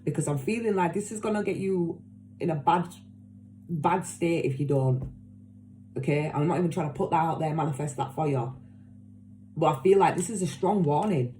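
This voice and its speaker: A woman in a casual tarot reading, with a lowish, mellow voice. She talks emphatically and repeats her warnings, blunt and sweary but caring. A faint hiss sits under the voice. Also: normal speed. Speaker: tarot reader.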